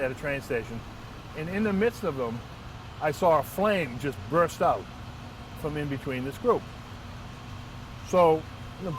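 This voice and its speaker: A man, a transit police lieutenant, telling a work anecdote in an earnest, measured way with frequent restarts. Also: mid-range voice. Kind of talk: first-person anecdote and reflection. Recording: distant mic, faint outdoor traffic noise.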